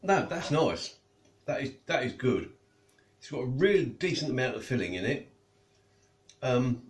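A man's voice: mid-range voice, a little mellow. A man chatting casually as he reviews food, tasting and eating while he talks. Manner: chatty, tastes and eats while talking. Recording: echoey room.

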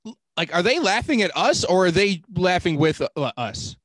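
In a casual podcast chat, a man with a notably high, fairly bright voice bickers good-naturedly with his co-host. He swears casually and jokes as he presses his points, with big pitch swings at a moderate pace. The sound is close and dry, with no room echo.

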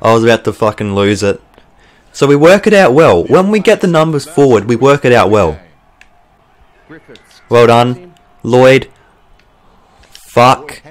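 This young Australian man speaks at a measured pace with frequent pauses, his voice medium in pitch, while playing and commentating a football video game. It's let's-play content from a gaming YouTuber who swears, gets excitable, and bursts out in frustration.

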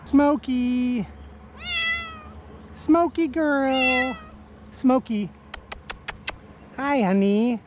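A woman who rescues cats, speaking softly and coaxingly as she calls cats by name again and again. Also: sits high, very slow, pauses often, highs cut off, background noise. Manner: soft, cooing, calls cats by name over and over. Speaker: cat rescuer. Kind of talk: coaxing talk to animals.

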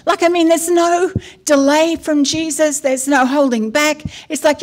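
Woman, middle-aged, sermon, chatty storytelling, fairly high voice. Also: measured pace. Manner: lively, conversational storytelling with acted asides. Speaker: apostle and preacher.

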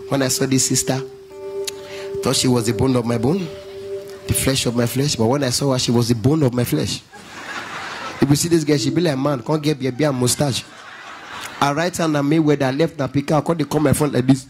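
A man with a Nigerian accent doing a lively stand-up routine at a church event, telling stories in pidgin and breaking into gospel song. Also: mid-range voice, a little fast, faint music behind. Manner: animated storytelling, mixing pidgin, bursting into gospel song. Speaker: stand-up comedian.

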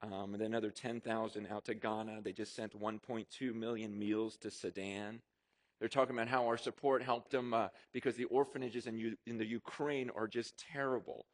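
A man preaching a sermon to his congregation, telling personal stories in an animated, conversational way with frequent asides. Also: on the low side, moderate pace. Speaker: pastor. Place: church auditorium before a congregation.

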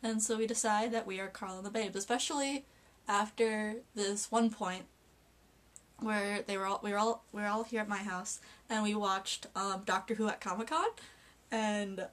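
A woman's voice: mid-range voice, fairly bright tone. A young woman vlogging casually about her best friends, getting emotional, hesitant and giggly as she talks.

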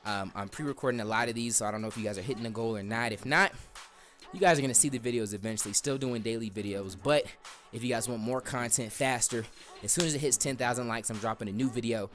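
A man hosting a gaming video, giving excited gameplay commentary, shouting at big plays and trash-talking in slang. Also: medium pitch.

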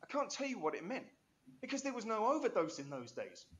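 A man's voice: high voice, sing-song, a little fast, a bit bright, highs cut off. A man, an interview guest telling rambling, enthusiastic stories full of restarts and asides. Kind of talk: animated storytelling interview.

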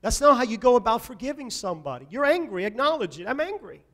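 Male pastor, high voice, preaching emphatically in church with swings from loud to quiet. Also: sing-song, fast talker. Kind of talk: sermon. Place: church sanctuary.

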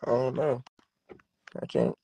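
A man's voice: mid-range voice, level tone, measured pace, warm tone, breathy edge, no room sound, poor audio. A man on a live stream, reacting bluntly in casual slang.

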